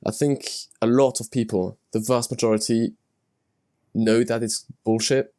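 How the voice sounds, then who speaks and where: A man's voice: mid-range voice, flat delivery, measured pace, warm tone. A man hosting a podcast in casual conversation, often repeating words as he thinks aloud. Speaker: podcast host.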